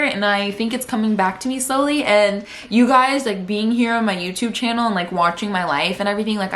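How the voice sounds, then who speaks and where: A young woman, a vlogger and podcaster, chats casually at home about her day in a day-in-my-life vlog. Her voice is medium-pitched and a bit bright, and she sounds chatty and emotional, saying "like" constantly.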